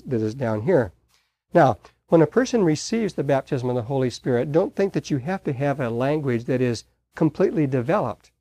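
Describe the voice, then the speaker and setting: A man preaching a sermon, telling stories in a halting way with many pauses and fillers. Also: mid-range voice, warm tone, no room sound. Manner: halting storyteller, frequent uh fillers.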